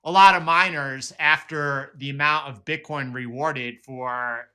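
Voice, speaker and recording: Very bright-voiced male market commentator. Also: medium pitch, fairly even intonation, a little slow, smooth. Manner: conversational, many restarts and repeated words. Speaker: market analysis host.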